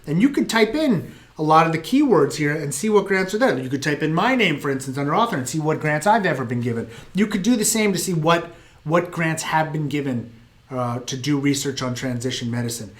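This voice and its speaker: Middle-aged guy answering viewer questions live, higher voice, jumps around a lot when he tells stories. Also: fairly quick. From United States. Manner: animated storyteller, self-mocking. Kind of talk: live Q&A chat.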